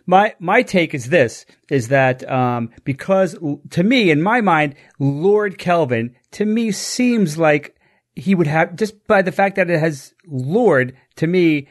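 Male podcast co-host, slightly high voice, halting and searching for words. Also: animated. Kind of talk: casual chat.

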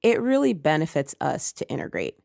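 A Spanish-speaking woman from the Caribbean who tells stories in a lively, animated way and laughs often in casual conversation. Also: low-pitched, a little fast, creaky, no echo, clean studio sound.

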